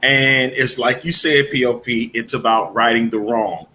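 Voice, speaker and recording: A man's voice: mid-range voice, fairly even intonation, moderate pace, bright, forceful tone, a little hiss or hum. A man co-hosting a casual wrestling talk show, often laughing, teasing his partner and hyping the topic. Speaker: podcast co-host.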